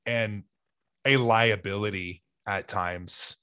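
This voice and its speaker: A young man co-hosting a casual sports podcast, talking players over in a loose, animated way with lots of fillers. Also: lowish voice, slow pace, clear, resonant tone, no echo. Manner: animated, speculative, many "like" fillers.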